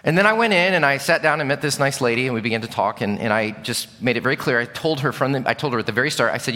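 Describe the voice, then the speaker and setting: A man's voice: medium pitch, animated, rapid-fire, hardly any pauses, bright, forceful tone, slight background noise. A middle-aged male pastor preaching a sermon with earnest, candid storytelling. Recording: long reverb of a large hall.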